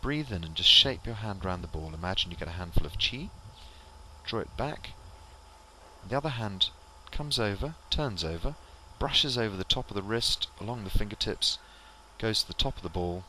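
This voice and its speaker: A man leading a qigong exercise class, calmly cueing each movement and breath step by step. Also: fairly low pitch, moderate pace, slight background noise. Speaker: qigong instructor. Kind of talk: guided exercise instruction.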